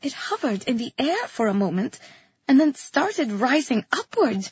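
A woman's voice: high voice, big pitch swings, unhurried, breathy edge, no room sound, muffled recording. A woman narrating a first-person fantasy story expressively, as in an audiobook.

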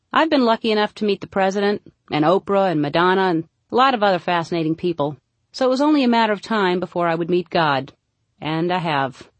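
A woman's voice: medium pitch, dry recording. A woman narrating her own comedic audiobook with a dry, wry comic delivery, recorded close on a studio microphone.

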